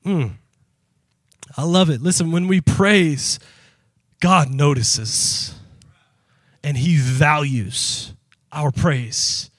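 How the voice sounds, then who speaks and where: A man's voice: on the high side, drawn-out words, pauses often, no room sound. A man preaching a sermon as pastor, impassioned and emphatic, speaking straight to his congregation. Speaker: pastor and youth worker.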